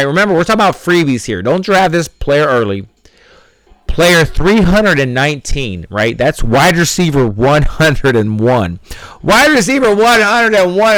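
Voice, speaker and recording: A man's voice: mid-range voice, a bit bright, no echo, rough recording. A man hosting a fantasy football podcast, talking brashly and emphatically, repeating himself and swearing. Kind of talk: podcast monologue.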